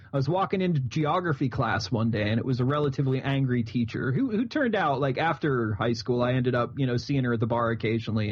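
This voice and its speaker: A man's voice: mid-range voice, husky. A man in his thirties co-hosting a movie podcast, telling stories in a joking way and often laughing. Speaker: podcast co-host. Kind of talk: casual chat about movies. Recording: muffled lo-fi podcast audio.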